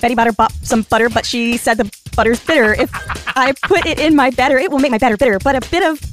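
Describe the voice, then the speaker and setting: A woman's voice: high-pitched, quick pace, faint music behind. A woman co-hosting a podcast in casual chat, playful and giggly, teasing the others. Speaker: podcast co-host.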